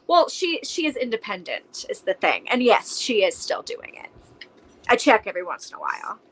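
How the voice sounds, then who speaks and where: A woman's voice: medium pitch, huge pitch swings, moderate pace, a bit bright, poor audio. A young adult woman, a podcast guest, telling her story in casual chat with lots of fillers. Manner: talks emotionally with many "like"s.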